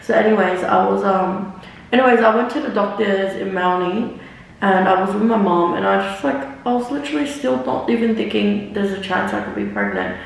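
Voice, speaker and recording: Rambling young woman with vocal fry. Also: mid-range voice, lively intonation, a little fast. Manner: rambling, swears freely, many "like"s and "literally"s. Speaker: vlogger. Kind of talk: casual storytime while doing makeup. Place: echoey room, talking away from the camera. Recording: roomy echo, mic at a distance.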